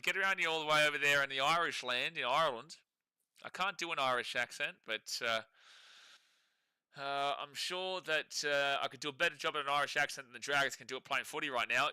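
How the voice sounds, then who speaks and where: Young Australian male streamer, wry sports chat, a bit high-pitched, dry close sound. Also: sharp tone, clean tone, dry recording. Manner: sarcastic, laughs often, reads chat aloud. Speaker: livestream co-host. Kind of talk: casual live sports watch-along commentary.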